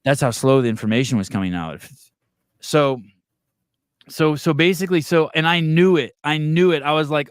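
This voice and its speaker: A man's voice: medium pitch, moderate pace, clean tone, no room sound, studio quality. A man hosting a podcast, ranting in casual talk and swearing constantly. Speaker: podcast host. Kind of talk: profane casual podcast rant.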